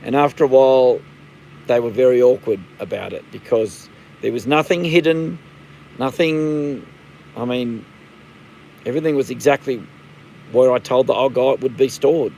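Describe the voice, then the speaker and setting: A man's voice: medium pitch, vocal fry, mellow, a little hiss or hum, rough recording. Australian man, 50s, livestream host. Blunt, rambling, casually profane. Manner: rambling, blunt, swears freely. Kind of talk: casual live-stream chat.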